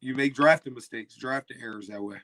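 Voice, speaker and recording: A man's voice: mid-range voice, fairly quick, fairly bright tone, a little hiss or hum. A male co-host in casual sports talk, laid-back and explaining his points. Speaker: podcast co-host.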